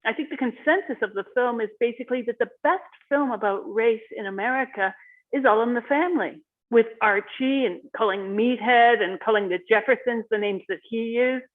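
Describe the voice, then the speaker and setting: A woman's voice: on the high side, brisk. A woman interviewing a guest in a conversational, enthusiastic way. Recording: tinny phone-like line.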